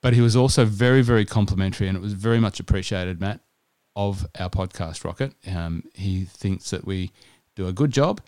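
A man's voice: sits low, brisk, hardly any pauses, darkish tone, no room sound. An Australian man co-hosting a podcast, telling stories in casual chat with frequent restarts. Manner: chatty storytelling with restarts. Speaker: podcast co-host.

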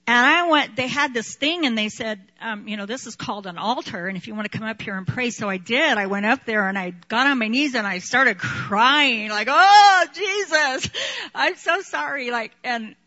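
Woman preacher, bright forceful voice, slightly high, animated, laughs often, lo-fi sound. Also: moderate pace. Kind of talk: sermon with personal testimony.

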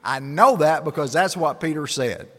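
A man's voice: fairly high pitch, normal speed. A man preaching a sermon as a pastor, earnest and rising to emphatic bursts. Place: church sanctuary. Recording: long hall reverb.

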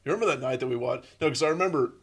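A man telling stories in casual chat, relaxed, with frequent swearing and filler words. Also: mid-range voice, rapid-fire, breathy edge.

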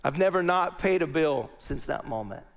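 A middle-aged pastor tells a personal story to his congregation during a sermon, delivering it as an animated storyteller. His voice is a little high and he speaks at a normal speed.

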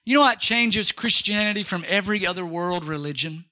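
A male pastor preaching an energetic sermon, leading the congregation in call-and-response. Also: high voice, a little fast.

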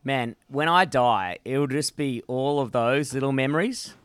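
A brash man talks excitedly on a podcast, swearing freely as he goes. His voice sits at a mid pitch, and it is recorded dry and close with almost no room sound. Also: measured pace, smooth, no echo. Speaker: podcast co-host. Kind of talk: casual chat.

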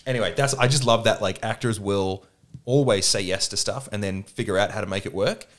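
A man, a producer guest on a podcast, telling animated anecdotes and acting out quotes in casual chat. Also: lowish voice, fairly quick. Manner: lively anecdotes with acted-out quotes.

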